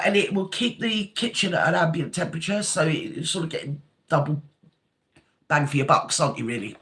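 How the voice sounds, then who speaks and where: With a fairly low but fairly bright voice, an older woman runs a relaxed live chat. She reads viewers' comments aloud in a chatty way, addressing them as darling and sweetheart.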